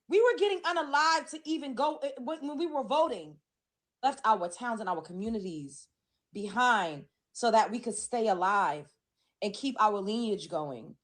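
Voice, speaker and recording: A woman's voice: a little high, very animated, unhurried. A woman giving emphatic, indignant commentary with rising emotion. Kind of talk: impassioned commentary clip.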